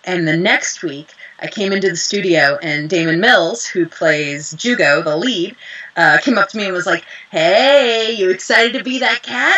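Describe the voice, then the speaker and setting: Bright-voiced animated woman. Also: mid-range voice, normal speed, rough recording. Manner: animated storyteller, acts out quotes. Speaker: voice actress guest. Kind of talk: casual interview chat.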